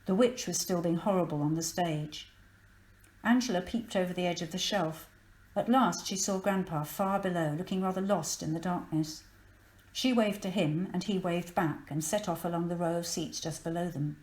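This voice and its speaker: Low-voiced woman reading a storybook. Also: moderate pace, reverberant, rough recording. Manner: clear, expressive storytelling. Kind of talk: children's book read-aloud.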